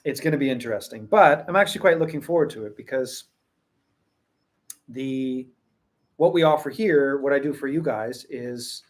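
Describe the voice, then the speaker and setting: A man talks loosely to his viewers as host of his own tea channel, drifting through his thoughts. He restarts sentences often and chuckles now and then. His voice sits at an ordinary middle pitch. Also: moderate pace. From Western. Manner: rambling, many restarts, chuckles. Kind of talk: casual talk to camera.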